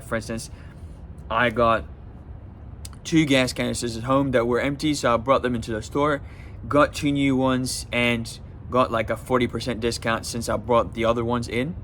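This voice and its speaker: A man's voice: mid-range voice, fairly bright tone, slight background noise. A man telling a story in a casual, exasperated rant, swearing and using lots of fillers. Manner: profane, exasperated, many fillers. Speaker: vlogger.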